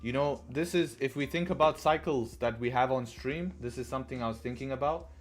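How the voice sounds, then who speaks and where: A man with a mid-range voice hosts a trading livestream at a brisk clip, soft music in the background. Talking casually to viewers, he keeps adding "right?" and makes profane asides.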